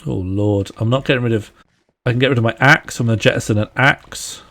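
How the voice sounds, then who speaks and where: Gravelly, playful male game streamer. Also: mid-range voice, brisk, a bit bright. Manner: playful, chatty, laughs often, talks to himself while playing. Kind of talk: casual live-stream chat while gaming.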